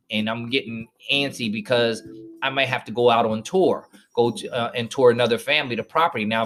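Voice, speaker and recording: A podcast host from the northern United States, with a mid-range, slightly bright voice, tells listeners a personal story and acts out the voices of the people in it.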